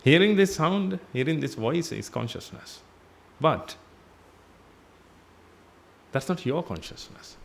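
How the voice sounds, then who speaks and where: A fairly high-voiced man with big swings in pitch speaks slowly and creakily, pausing often. He is preaching Buddhism in a temple hall, teaching through repeated lines and rhetorical questions, and his voice sinks on "ladies and gentlemen."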